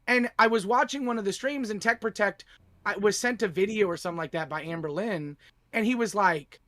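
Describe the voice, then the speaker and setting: A man's voice: high-pitched, fairly quick, fairly bright tone, no room sound. A man ranting profanely on a livestream panel, sneering and mocking the person he is angry at. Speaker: tech streamer on a panel. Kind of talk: livestream rant.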